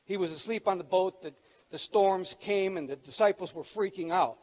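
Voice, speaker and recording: A middle-aged pastor with a fairly high voice delivers a sermon in a relaxed, conversational manner. He talks to his listeners directly and grows louder and higher when he quotes scripture. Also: moderate pace. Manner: conversational preaching, rises in pitch and volume on quoted scripture.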